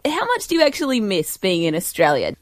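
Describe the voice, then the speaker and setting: A woman's voice: mid-range voice, wildly swooping pitch, fairly quick, no room sound, studio quality. A woman hosting an interview, asking friendly questions and affirming her guest. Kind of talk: conversational interview.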